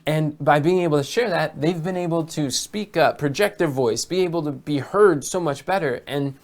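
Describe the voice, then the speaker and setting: A man's voice: a little high, moderate pace. A man talking as a business coach in a casual monologue, telling stories and often repeating or restarting his words. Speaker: business coach for health educators.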